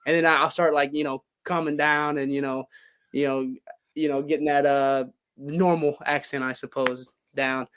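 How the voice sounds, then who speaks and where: A man's voice: a little high, moderate pace, clean tone. A man from Louisiana with a mixed north Louisiana and Cajun accent, telling stories as a guest in a casual podcast interview from his home. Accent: Louisiana, mix of north Louisiana and Cajun. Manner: rambling, animated storytelling with many fillers. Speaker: guest, pro wrestler.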